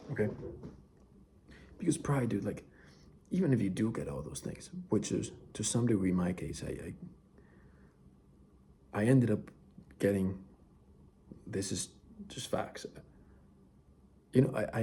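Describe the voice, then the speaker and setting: A man's voice: low voice, creaky, mellow, a little hiss or hum. A young man talking casually and earnestly to camera about Bible verses, often saying "dude" and dropping to near whispers. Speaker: faith vlogger.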